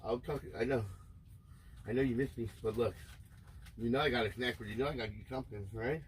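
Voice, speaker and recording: A young man streams from a camper van, rambling through crude jokes at a mid-range pitch. He talks casually and loosely, and he baby-talks to his dog. A faint noise hums behind him. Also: steady tone, fast, far from the mic, low-quality recording. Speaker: livestream host. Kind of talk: crude casual livestream chat.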